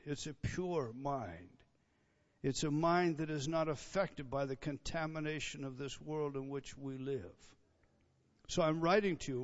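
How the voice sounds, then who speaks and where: A man's voice: on the high side, muffled recording. A man pastor preaching an expository sermon with an emphatic, repetitive cadence and conversational asides.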